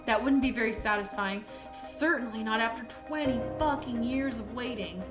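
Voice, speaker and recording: A woman's voice: fairly high pitch, moderate pace, over music, close to an everyday voice. A woman voicing a vicious, vengeful male killer who taunts his victim with cruel, profane sneers while reading a game's lines aloud. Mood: menacing.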